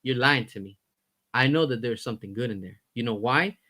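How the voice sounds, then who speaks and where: A commentary host rants on his own stream in a brisk, bright, forceful mid-range voice that's slightly rough. The rant is heated and blunt: he swears, repeats himself for emphasis, and comes across as fed up.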